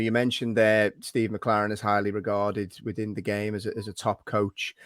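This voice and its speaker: A man's voice: mid-range voice, dry recording, studio quality. A man hosting a football podcast, laughing often as he leads the chat and steers it to the next topic. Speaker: podcast host. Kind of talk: casual chat.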